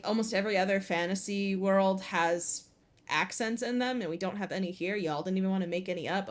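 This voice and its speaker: A woman's voice: medium pitch, fairly quick. Woman streamer ranting with passion. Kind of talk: live gameplay commentary.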